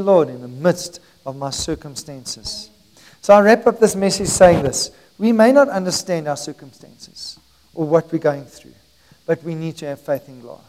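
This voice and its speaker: A man preaching a sermon as pastor, emphatic and rising in volume, slowing on key phrases. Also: fairly high pitch, a little mellow, low-quality recording.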